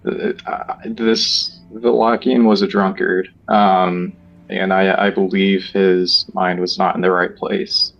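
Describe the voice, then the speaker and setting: A man playing his character in a tabletop game, speaking formally with halting pauses. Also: low voice, little pitch movement, creaky, highs cut off. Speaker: player. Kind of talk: in-character tabletop role-play.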